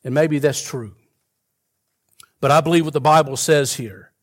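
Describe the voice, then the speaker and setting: A pastor delivering a sermon in a loose, conversational way, full of fillers and restarts, mixing rhetorical questions with homespun humor. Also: male voice, on the high side, fairly even intonation, moderate pace.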